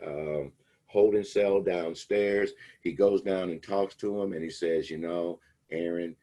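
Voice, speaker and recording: This instructor's voice rumbles low, gravelly and warm with a slightly rough quality. Teaching in a loose, wandering style, he retells a movie's story, performs the quotes himself, and leans heavily on filler words.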